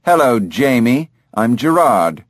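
A man's voice: mid-range voice, big pitch swings, slow pace, no echo, studio quality. A man reading an audiobook, voicing a chatty gray talking parrot that mimics people's voices.

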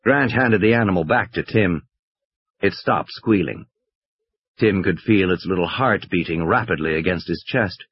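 A man narrating an audiobook in an expressive, varied reading. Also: low-pitched, normal speed, slightly rough, no echo, lo-fi sound.

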